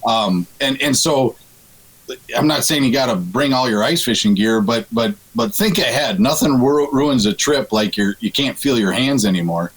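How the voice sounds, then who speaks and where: A man's voice: medium pitch, lively intonation, moderate pace, husky, low-quality recording. A man guesting on a radio show, telling a fishing story in casual chat, with frequent restarts and laughs. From Minnesota.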